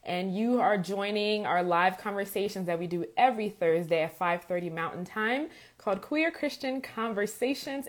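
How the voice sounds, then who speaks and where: A woman hosts a live stream in a relaxed, chatty way, her voice raspy from a sore throat. She keeps greeting viewers by name and checks in with "okay?" as she talks. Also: medium pitch. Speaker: faith and life coach, live-stream host. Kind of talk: casual live-stream talk.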